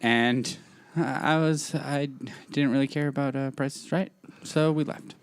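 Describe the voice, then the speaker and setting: A man's voice: mid-range voice, fairly even intonation, a little slow, clear, resonant tone, no echo. A man in a casual podcast chat, defending himself with jokes. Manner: joking, defensive banter. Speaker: podcast participant.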